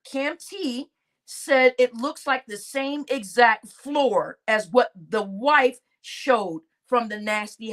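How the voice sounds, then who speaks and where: A woman host chatting casually on her live stream, with a somewhat high voice. She tells a story in an animated way and reads out viewer comments as she goes.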